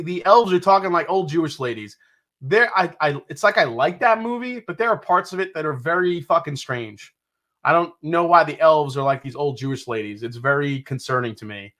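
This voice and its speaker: A man's voice: on the high side, fairly bright tone. A man from New York hosting a casual live stream, reading out viewer comments, joking, swearing casually and laughing often. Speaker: livestream host.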